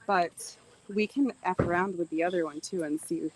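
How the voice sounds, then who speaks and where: A co-host of a livestream chatting casually, throwing in quick interjections and questions. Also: medium pitch, slight background noise, rough recording. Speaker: co-host of a ghost-hunting livestream.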